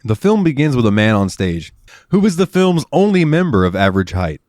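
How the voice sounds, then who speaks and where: A man's voice: mid-range voice, sing-song, fairly quick, darkish tone, no echo, studio quality. A man on a podcast reading film trivia aloud with wry, laid-back asides in casual chat. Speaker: podcast co-host.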